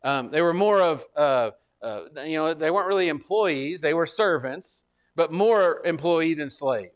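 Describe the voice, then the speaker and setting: A man's voice: fairly high pitch, lively intonation, a little slow. A male pastor preaching a conversational sermon, often repeating words and asking listeners whether they remember. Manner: conversational, repeats words, asks congregation to recall.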